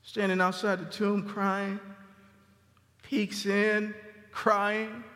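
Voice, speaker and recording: A man preaching a sermon in a church sanctuary in a conversational style, repeating phrases for emphasis and dropping to a soft murmur on tender lines. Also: sits high, level tone, very slow. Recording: long hall reverb.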